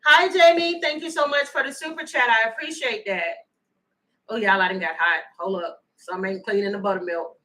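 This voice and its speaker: A woman giving a chatty, animated livestream tarot reading and thanking viewers by name. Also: on the high side, brisk, poor audio. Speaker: tarot reader.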